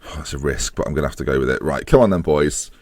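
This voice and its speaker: Talking fast, a man delivers live let's-play commentary on a football management game he's playing, moaning and swearing at the action as his voice gets higher when opportunities approach. The studio-quality audio has no echo.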